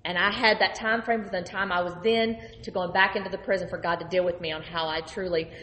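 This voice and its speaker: A woman telling an animated, conversational testimony about her ministry. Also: on the low side, fast, a little hiss or hum. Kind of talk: casual testimony storytelling. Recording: roomy hall reverb.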